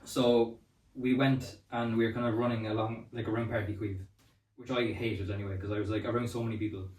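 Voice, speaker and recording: A man co-hosting a comedy podcast, telling relaxed stories and dropping dry, teasing quips. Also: fairly low pitch, a little fast, recorded from a distance. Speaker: podcast co-host. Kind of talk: casual comedic chat. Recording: roomy sound, speaking away from the mic.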